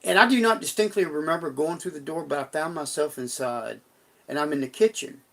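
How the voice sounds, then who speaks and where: A man's voice: a little high, a little fast, vocal fry. A middle-aged man on a live stream, telling a personal story in a folksy, rambling way with frequent restarts.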